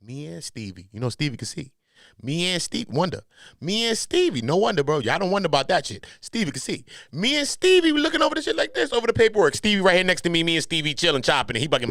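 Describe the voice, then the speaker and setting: A fast-talking man with a gravelly Los Angeles voice gives casual, animated commentary, joking in heavy street slang and going low and serious when he explains things. The recording is dry and studio quality.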